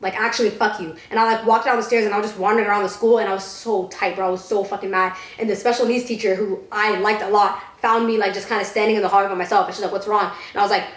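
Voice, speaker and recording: A woman's voice: mid-range voice, fairly even intonation, racing, hardly any pauses, echoey room. A young woman co-hosting a casual podcast, telling blunt stories and swearing freely. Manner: blunt storytelling, frequent swearing. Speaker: podcast co-host. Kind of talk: casual chat.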